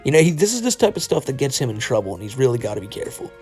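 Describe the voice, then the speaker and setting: A man talks through a casual commentary at a mid pitch, with a mocking edge and frequent laughs. He swears freely and speaks in an offhand, chatty way. Faint music runs underneath. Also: very animated, rapid-fire. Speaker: commentary YouTuber.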